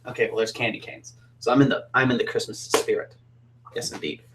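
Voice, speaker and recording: A man's voice: medium pitch, level tone, a little fast, background noise. A young man from Alabama, hosting a casual, upbeat and jokey live stream chat as a singer. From Alabama, USA.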